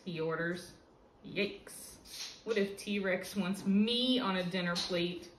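A woman reading a picture book aloud to a child in a lively, expressive way, at home. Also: lowish voice, takes it slowly, slight background noise. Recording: roomy echo with faint ambience.

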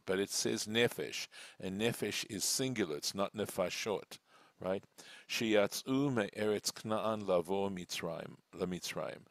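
There's no room sound around this man's low voice as he teaches a text class as a rabbi. He works through it methodically and slowly: reading lines, translating, and explaining with patience, deliberate yet with frequent fillers and restarts.

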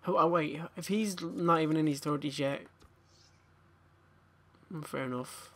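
A man's voice: fairly high pitch, unhurried, fairly bright tone. Sweary young man muttering. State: tired, yawning. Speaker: gaming YouTuber. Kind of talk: pack-opening commentary.

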